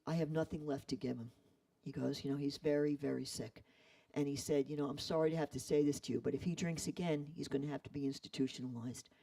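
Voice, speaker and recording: A man retelling a story in an animated way, acting out the quoted voices. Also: on the high side, creaky, recorded from a distance, rough recording. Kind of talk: storytelling talk.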